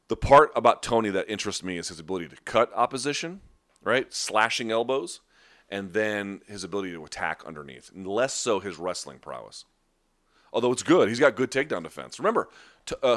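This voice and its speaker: A man's voice: deep voice, a bit bright. A man hosting a podcast, casually answering live chat questions in a rambling, conversational way. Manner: rambling, conversational, restarts and asides.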